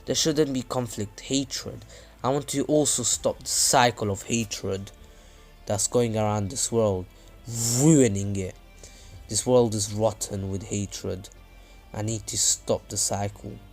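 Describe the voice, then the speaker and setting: A man voicing a solemn masked young male leader who speaks in a posh, measured way, with faint music behind. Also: lowish voice, fairly even intonation, darkish tone, pitched below the performer's own voice.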